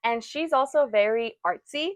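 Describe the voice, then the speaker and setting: In casual podcast chat, a young woman co-host tells lively stories and acts out what people said. Her fairly high voice runs at a normal speed, captured in a dry recording.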